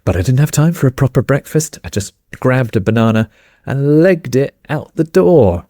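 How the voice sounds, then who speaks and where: A man with a British accent, co-hosting an English lesson and explaining casual phrases slowly with examples. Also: mid-range voice, lively intonation, mellow, dry recording, studio quality. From England. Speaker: English teacher co-host. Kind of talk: casual teaching chat.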